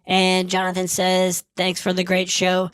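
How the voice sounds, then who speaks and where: A man's voice: sits high, completely flat delivery, measured pace, fairly bright tone, clean tone, no room sound, clean studio sound, far from the mic. A man voicing a snarky, boastful robot podcast co-host through a robot voice filter, with a sarcastic, jealous, teasing delivery in a radio-style sketch.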